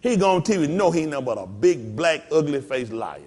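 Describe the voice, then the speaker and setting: Animated high-voiced preaching man. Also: a little fast, husky. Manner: folksy preaching with mock voices and laughter. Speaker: pastor. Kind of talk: sermon.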